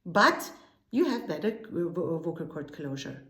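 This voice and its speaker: A woman's voice: sits low, sing-song, unhurried, fairly bright tone. A woman teaching opera singing, explaining vocal technique in a patient way and often restarting words. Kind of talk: vocal lesson. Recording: echoey room.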